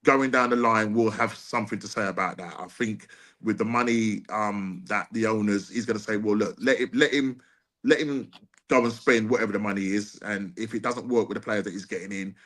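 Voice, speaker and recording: Low-voiced guy ranting about his club, keeps repeating himself. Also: a little fast, fairly bright tone. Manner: frustrated, repetitive, restarts often. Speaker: panelist on fan show. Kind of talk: casual live-stream chat.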